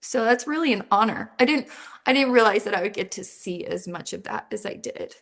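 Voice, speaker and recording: A middle-aged woman from Utah, a psychologist guest in a casual interview, telling her story in a lively way. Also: medium pitch, brisk. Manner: lively storyteller who acts out quotes. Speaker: psychologist and clinic founder, guest.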